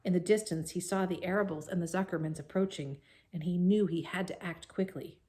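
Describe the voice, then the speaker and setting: A woman's voice: lowish voice, fairly quick. Woman reading a children's novel aloud. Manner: expressive, asides to young listeners.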